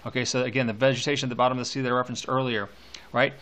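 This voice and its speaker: A man's voice: medium pitch, racing, bright, forceful tone. Eager man teaching poetry. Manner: enthusiastic, reads verse aloud with relish. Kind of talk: lecture on poetry.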